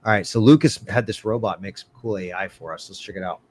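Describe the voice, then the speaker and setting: A man's voice: fairly low pitch, fast talker. A man hosting a casual live arborist Q&A, cracking puns and laughing often as he answers viewers. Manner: joking, punny, laughs often. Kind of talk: casual livestream Q&A.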